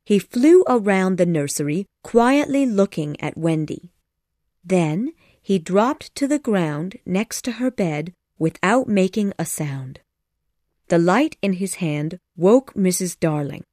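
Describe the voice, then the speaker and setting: A woman narrating a children's story audiobook in a measured, clear storytelling manner. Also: fairly low pitch, expressive, warm tone, dry recording, clean studio sound. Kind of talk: scripted narration.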